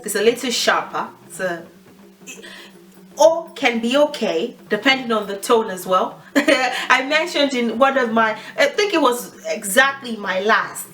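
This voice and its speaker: A woman's voice: a little high, animated, a little slow, fairly bright tone, recorded from a distance, rough recording. A woman giving a casual language lesson, chatty and laughing often as she mixes in Yoruba phrases.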